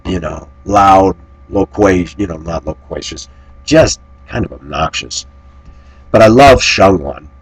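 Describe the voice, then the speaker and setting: Husky low-voiced American man telling stories. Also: no echo, rough recording. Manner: rambling, conversational, animated anecdotes. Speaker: vlogger. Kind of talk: casual storytelling to camera.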